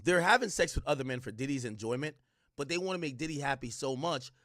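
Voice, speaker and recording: Stream host, male, profane and incredulous, animated delivery with a dry sound. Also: medium pitch, fast talker, dry recording. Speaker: livestream host reading court testimony. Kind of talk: casual commentary livestream.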